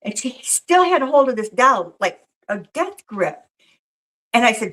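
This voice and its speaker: A professional Mrs. Claus tells a story in a casual interview, her voice a little high and a little slow on a rough recording. She's an animated storyteller, slipping into the voices of the people she describes.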